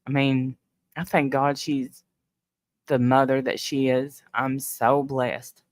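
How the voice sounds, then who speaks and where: A middle-aged woman hosting a casual livestream, getting teary and emotional as she talks warmly with her viewers. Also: a bass voice, flat delivery, slow, no echo. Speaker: livestream host.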